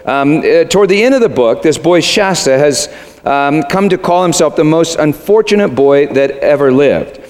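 A man's voice: fairly high pitch, lively intonation, normal speed, a little mellow. A man preaching as a pastor, earnest and conversational, with casual fillers. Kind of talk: sermon. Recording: echoey hall.

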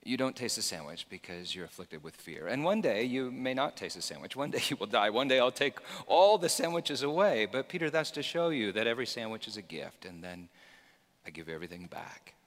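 A man preaching a sermon, swinging from loud emphatic shouts to quiet, hushed lines. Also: mid-range voice, sing-song, a little fast, big-room sound. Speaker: pastor.

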